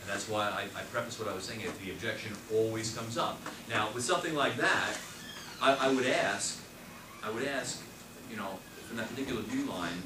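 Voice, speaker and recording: A man teaching a real estate sales class, emphatic and repeating his key points as he coaches. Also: lowish voice. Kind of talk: classroom training talk. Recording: echoey room, mic far off, noisy.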